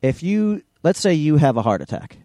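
A middle-aged man co-hosting a podcast, ranting animatedly in casual chat and mimicking others in high voices. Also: sing-song, moderate pace, warm tone, dry recording. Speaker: podcast co-host.

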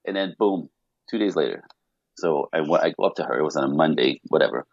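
A man speaking as a podcast guest, telling a personal story in an animated way, with many restarts and rhetorical questions. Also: very deep voice, fast, creaky, no echo, highs cut off.

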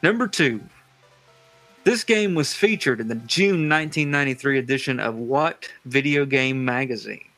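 Bright-voiced man hosting a quiz. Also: medium pitch, animated, moderate pace, dry recording, soft background music, low-quality recording. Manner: reads multiple-choice options, laughs easily. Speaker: quiz host. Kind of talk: casual podcast chat.

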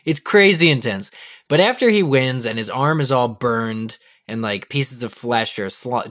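A man's voice: lowish voice, a bit bright, no echo, studio quality. A man co-hosting a podcast, enthusiastic and casually swearing as he acts out book quotes. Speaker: podcast co-host. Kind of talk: casual book-discussion chat.

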